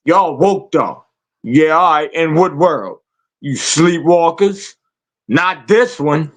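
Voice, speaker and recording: A man's voice: on the high side, expressive, takes it slowly. A man hosting a podcast, ranting in a profane, taunting way and firing rhetorical questions at his listeners. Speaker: podcast host. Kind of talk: confrontational rant.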